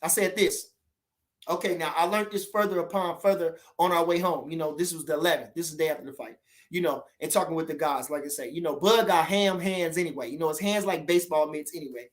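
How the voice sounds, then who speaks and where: Rambling, animated man chatting to viewers. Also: on the high side, fast talker. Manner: rambling, animated, keeps asking "you understand?". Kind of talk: casual livestream chat with viewers.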